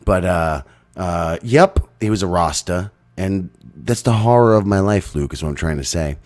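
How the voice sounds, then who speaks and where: A man co-hosting a podcast, telling crude, rambling stories in a deadpan way. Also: low-pitched, normal speed. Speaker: podcast co-host. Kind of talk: crude comedic banter.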